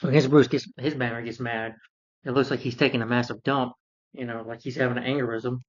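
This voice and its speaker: A man's voice: medium pitch, little pitch movement, brisk, lo-fi sound. Rambling exasperated man reviewing a movie. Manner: rambling and exasperated, with many fillers and restarts.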